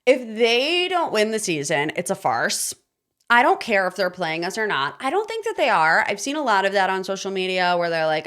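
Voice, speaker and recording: A young woman hosting a podcast, giving an opinionated, sarcastic recap of a reality dating show in a casual, animated way. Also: mid-range voice, brisk. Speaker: podcast host.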